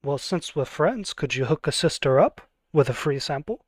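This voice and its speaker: A man doing a gracious noblewoman, the artificer of a tabletop game, who speaks with polite hesitation. Her voice sits slightly high. The sound is dry and close. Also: animated, normal speed, no echo.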